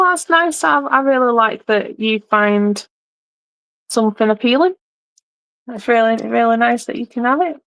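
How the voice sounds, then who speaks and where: A woman's voice: high voice, fairly bright tone, no echo, poor audio. A woman in her thirties with a mixed English accent, chatting casually on a live stream and rambling with many ums and restarts. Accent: English, mixed regional. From England.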